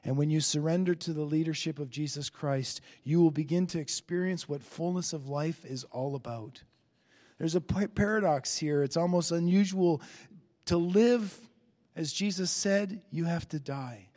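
Male pastor, slightly high voice, earnest sermon delivery, long hall reverb. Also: moderate pace. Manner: earnest preaching, rises on key phrases, drops to soft endings.

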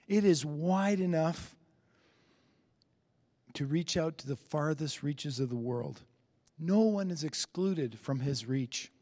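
Male pastor, slightly high voice, earnest sermon delivery, long hall reverb. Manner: earnest preaching, rises on key phrases, drops to soft endings.

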